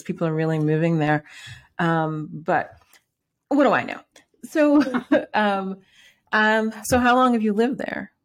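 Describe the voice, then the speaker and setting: A woman from New York City hosting an interview, talking in a rambling casual way with many restarts. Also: fairly low pitch. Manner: rambling, many restarts and fillers, laughs often. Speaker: podcast host.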